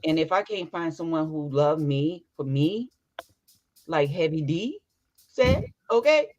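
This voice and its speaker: A woman in her twenties co-hosting a casual relationship chat, animated and quick to laugh. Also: low voice, soft background music. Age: 20s. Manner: animated, laughs often, acts out bits of dialogue. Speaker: podcast co-host.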